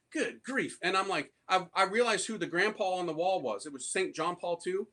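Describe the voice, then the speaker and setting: Speaking at normal speed in a high voice, a priest from the United States shares the story of his conversion with an audience. His delivery is lively and relaxed, full of slang.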